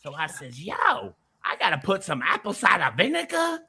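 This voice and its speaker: A rowdy country peddler, as a man puts him on, pitched way up and pushing hard. He rants and hollers about his cure-all with a bright, gravelly bite. He talks over everyone. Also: huge pitch swings, normal speed, exaggerated voice. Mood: ranting. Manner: rowdy, ranting, pushy. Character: loud rural man selling a cure-all.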